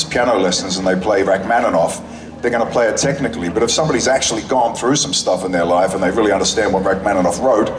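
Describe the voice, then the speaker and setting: Low-voiced man on an echoey convention stage. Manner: thoughtful, speaks in long winding sentences with restarts. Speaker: actor guest at a convention panel. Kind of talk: reflective storytelling to a live audience. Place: stage at an outdoor convention in the sun. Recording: echoey, distant, with crowd noise. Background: crowd of fans.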